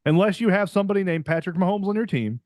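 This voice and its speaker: A man's voice: high voice, animated, quick pace, darkish tone, dry recording. A young man co-hosting a podcast, chatting eagerly about football and saying "like" a lot. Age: young adult. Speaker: podcast co-host. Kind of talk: casual sports chat.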